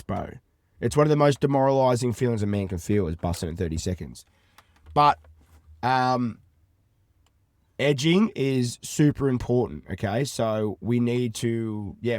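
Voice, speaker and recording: A man's voice: medium pitch, no echo, studio quality. Brash, crude Australian man podcasting. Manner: brash, loud, crude, calls listeners boys. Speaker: podcast host. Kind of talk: crude casual podcast banter. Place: inside a van.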